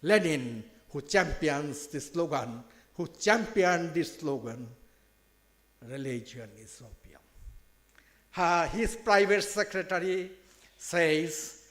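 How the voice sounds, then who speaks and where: A man with an Indian English accent telling a story in a seminar speech, emphatic and slowing down for effect, repeating phrases. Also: fairly high pitch, animated, fairly bright tone. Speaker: speaker at a religious seminar.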